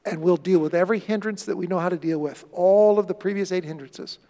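A male pastor preaches a sermon, earnestly telling stories and swinging between loud bursts and quiet moments. His voice sits high and moves fast, with a long reverb tail.

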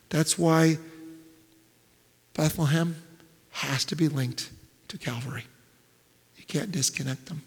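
A man preaching with a slightly high voice that rings out in a big hall with a long reverb. He pushes hard through stacked, emphatic phrases, then drops to a hush. The delivery is a pastor's sermon from start to finish. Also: slow, long pauses, husky. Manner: dramatic swings between loud emphatic build-ups and hushed near-whispers.

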